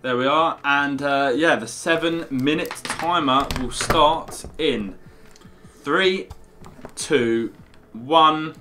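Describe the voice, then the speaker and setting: A man's voice: a little high, takes it slowly, over music. A young man hosting a gaming video, chatty and upbeat, often calling his co-host "mate". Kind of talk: casual gaming video commentary.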